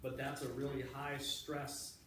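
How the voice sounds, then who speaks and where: A man's voice: mid-range voice, monotone, measured pace, bright, forceful tone, a little hiss or hum. A male electrical engineer, a guest speaker, patiently explaining things to a class of children in an easygoing way, with many fillers and restarts. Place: school library. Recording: echoey room heard from a distance.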